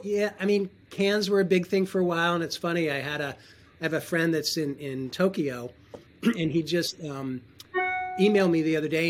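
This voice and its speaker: A man talking casually as a wine trade guest in an interview, relaxed and often clearing his throat. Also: a little high, slight background noise.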